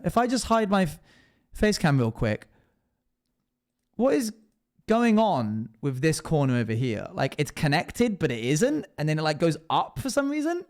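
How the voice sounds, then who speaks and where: A man's voice: on the high side, very animated, normal speed, a little mellow. Rambling young man streaming a build. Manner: chatty, rambling, thinks aloud and answers chat. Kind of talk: casual live-stream chat while building.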